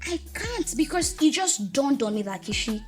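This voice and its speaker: A woman's voice: on the high side, normal speed, over music. Earnest woman sharing testimony. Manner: earnest, animated storytelling with laughter. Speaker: podcast guest. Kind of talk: candid personal testimony.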